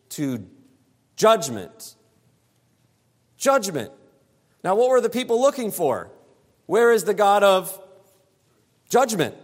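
A man delivers a verse-by-verse sermon, pressing his points with repeated phrases. His voice sits fairly high. The sound rings with a long hall reverb, as in a church sanctuary. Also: fairly bright tone. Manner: emphatic, repeats phrases for stress. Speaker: preacher. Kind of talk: expository sermon.

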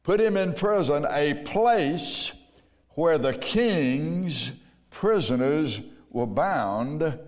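A man with a Southern US accent preaching a sermon as pastor, slow and emphatic with long pauses. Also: a little high, animated, darkish tone. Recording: long reverb of a large hall.

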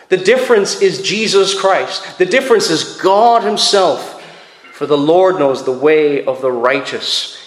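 Earnest preacher in an echoing hall. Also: male voice, a little high. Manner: earnest, emphatic preaching with repetitions. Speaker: pastor. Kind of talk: sermon. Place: church sanctuary. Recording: echoey hall with long reverb.

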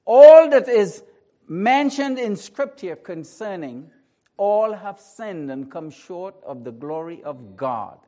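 A pastor preaching a sermon, moving between a hushed, slow prayer and emphatic, rising declarations. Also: male voice, sits high, big pitch swings.

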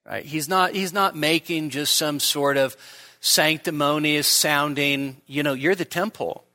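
A man preaching an expository sermon to his congregation at a church service, asking rhetorical questions, stressing key words and dropping into quiet asides. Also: fairly high pitch, steady tone, unhurried.

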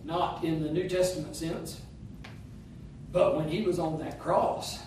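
A man's voice: fairly high pitch, fairly even intonation, a little slow, darkish tone, a little hiss or hum. A man preaching a sermon, his delivery emphatic, with rising phrases that slip into half-singing. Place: church sanctuary. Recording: distant mic in an echoey room.

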